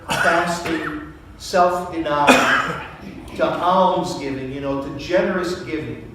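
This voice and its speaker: A male priest giving a sermon in a church, speaking slowly and deliberately and asking rhetorical questions. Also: a little high, fairly bright tone, slight background noise. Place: church sanctuary. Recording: very echoey church from far off.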